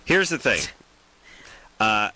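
A man's voice: fairly low pitch, big pitch swings, slow pace, pushed and bright, rough recording. Sarcastic ranting male radio host. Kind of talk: late-night call-in radio banter.

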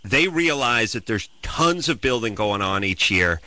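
A middle-aged male host spins a story in a casual studio chat, acting out each character as he goes. His voice is bright and sharp, it rises and falls a lot, and it sounds close and dry against the mic. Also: fairly low pitch, unhurried, no echo. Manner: animated storyteller, mimics others, swears.

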